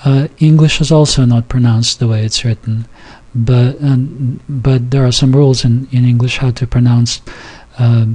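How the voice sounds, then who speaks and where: This male Yiddish teacher reads from a textbook in an informal recorded lesson, explaining pronunciation and carefully sounding out example words amid many fillers and restarts. He speaks at normal speed with few pauses, in a steady, medium-pitched voice that is dark and slightly rough.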